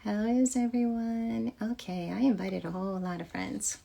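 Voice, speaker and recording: With a warm, medium-pitched voice touched by vocal fry, this Michigan woman keeps a steady tone at a moderate pace. She hosts a children's author show, chatting cheerfully on a livestream about kids' books and laughing a lot.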